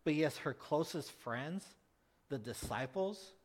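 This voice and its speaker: Animated preacher with a higher voice. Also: male voice, slow pace. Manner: animated, asks the congregation questions; acts out quoted voices, with frequent restarts. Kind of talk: conversational sermon.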